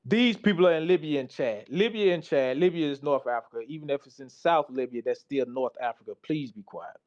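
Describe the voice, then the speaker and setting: A man's voice: fairly high pitch, brisk, a little mellow, dull audio. A tired man giving a casual, slangy presentation, reading slides aloud and reacting to them. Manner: loose, slangy, talks back to the slides.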